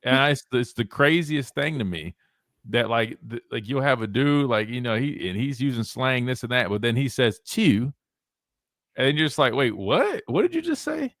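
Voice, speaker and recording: A man's voice: mid-range voice, normal speed, no room sound, clean studio sound. A young man hosting a live sports radio show, chatting casually and rambling with lots of restarts. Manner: rambling, animated, lots of restarts and "wait, hold on". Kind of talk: casual talk radio chat.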